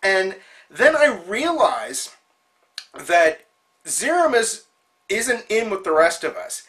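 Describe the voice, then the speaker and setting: A man's voice: high voice, slow pace. A young man hosting his own video show, casually telling a story about an online hockey game and acting out his friends' lines. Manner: animated, acts out quotes of friends.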